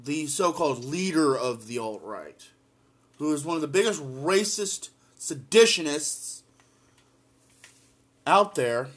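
A man's voice: a little high, expressive, takes it slowly, pauses often, breathy edge. A man giving impassioned solo political commentary and reading an article aloud, blunt and emphatic, repeating lines for force.

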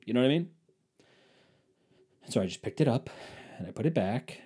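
A man rants through his own podcast with constant swearing and sarcastic asides. His voice sits at an everyday pitch with a mellow, dark tone. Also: animated, fairly quick, long pauses, slightly rough. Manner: profane, ranting, sarcastic. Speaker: podcast host. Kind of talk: casual comedic monologue.

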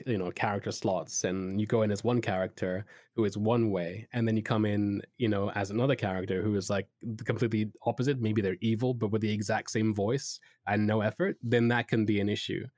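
Guy on a podcast rambling, lots of like and you know, low-ish voice, dry sound no room. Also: steady tone, brisk, few pauses, a little mellow, no echo. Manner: enthusiastic, advice-giving. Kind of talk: casual chat.

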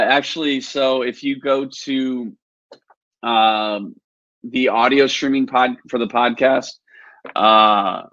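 Slightly hoarse man, live podcast host, rambly and upbeat, dry and muffled sound. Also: medium pitch, a bit bright, dry recording. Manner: rambling, filler-heavy, upbeat. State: partly losing his voice. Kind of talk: casual live-stream chat.

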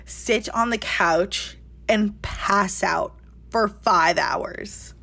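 A woman in her twenties telling a lively story on a casual podcast, laughing often and saying "like" a lot. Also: mid-range voice, drawn-out words, gravelly. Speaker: podcast co-host.

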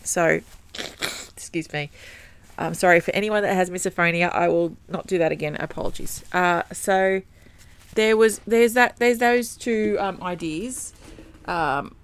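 A woman's voice: fairly low pitch, unhurried, smooth. A woman hosting a podcast, telling a personal story in a candid, rambling, emotional way and swearing freely. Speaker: podcast host.

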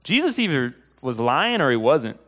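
A man preaching a sermon in a conversational storytelling way, getting animated at exciting moments. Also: medium pitch, moderate pace. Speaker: pastor.

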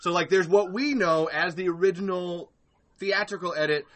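A man chatting casually as a podcast guest, animated, profane and quick to laugh. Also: high voice. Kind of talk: casual chat.

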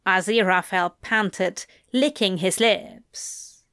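A woman slowly reading a romantic story aloud in an intimate tone. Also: mid-range voice, animated, fairly bright tone. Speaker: reader. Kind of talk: reading fan fiction aloud.

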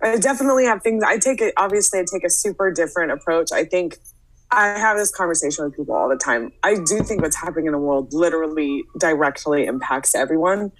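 A low-voiced woman hosts a casual podcast conversation, talking briskly and sharing strong opinions with lots of "um" fillers. The recording is rough.

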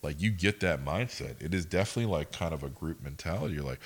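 A man's voice: rumbling low, lively intonation, quick pace, few pauses. A young man co-hosting a podcast, telling rambling, profane stories in casual chat. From United States. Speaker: podcast co-host.

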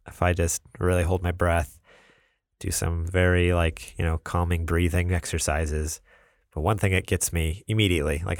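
A man's voice: low-pitched, gravelly, no echo, studio quality. A man co-hosting a casual podcast, laid-back and teasing his co-host wryly.

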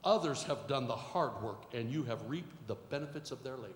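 A middle-aged male pastor preaching a sermon, moving from quiet storytelling to shouted exhortation. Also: medium pitch, animated, brisk. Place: church sanctuary. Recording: echoey hall with faint noise.

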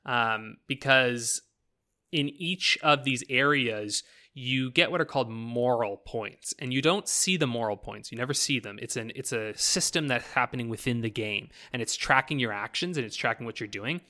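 A young Canadian man talks games in a loose, rambling chat. He swears often and gets worked up, then slips into silly put-on voices. His voice sits at an ordinary middle pitch. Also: moderate pace. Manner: rambling, swearing, animated, breaks into mock voices. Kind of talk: casual chat about video games.

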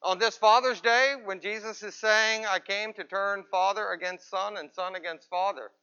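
A man's voice: high-pitched, fairly even intonation, moderate pace, sharp tone, clear, resonant tone, muffled recording. A man pastor giving a conversational sermon in church, asking rhetorical questions of the congregation. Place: church, with people present and some watching remotely.

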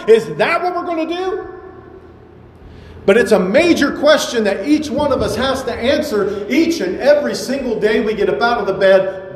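A man's voice: very high-pitched, animated, normal speed, slight background noise. Man preaching in an echoey church. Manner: emphatic preaching with repeated rhetorical questions. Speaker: pastor. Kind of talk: sermon. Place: church sanctuary. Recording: echoey hall with faint ambience.

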